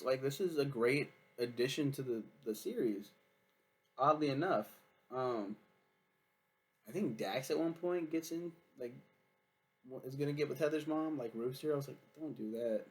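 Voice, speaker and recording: A man's voice: mid-range voice, measured pace, pauses often, slightly rough. A man chatting casually as he reviews a TV series, rambling and swearing freely with lots of fillers.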